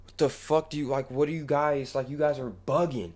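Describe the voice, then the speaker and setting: A man's voice: medium pitch, normal speed, a little mellow. Profane young man ranting casually. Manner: rambling, profane, swings from mumbling to heated ranting. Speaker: music channel creator. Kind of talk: casual reaction vlog.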